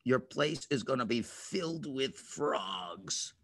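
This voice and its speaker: A man storytelling, voicing a calm, firm prophet who warns a king. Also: medium pitch, takes it slowly, pitched below the performer's own voice, heavily acted. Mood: stern.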